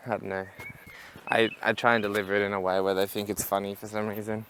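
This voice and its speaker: Young man, low voice, rambling casual vlog chat, laughs often, walking outside. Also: level tone, fairly quick, long pauses, a bit bright, a little hiss or hum. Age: young adult. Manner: rambling and chatty, laughs at his own stories. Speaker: vlogger. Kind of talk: casual walk-and-talk vlog. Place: outdoors, walking.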